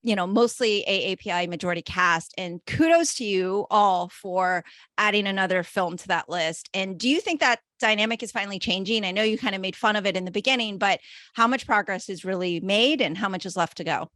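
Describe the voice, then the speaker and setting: Animated interviewer woman, bright voice. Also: mid-range voice, a little fast, no echo. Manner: animated, many fillers. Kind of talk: casual interview talk.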